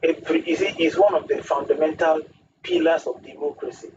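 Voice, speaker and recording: A man's voice: a little high, sing-song, a little fast, creaky. A man, a guest on a radio talk show, speaking emphatically and using proverbs. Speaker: studio guest. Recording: distant muffled radio studio with hiss.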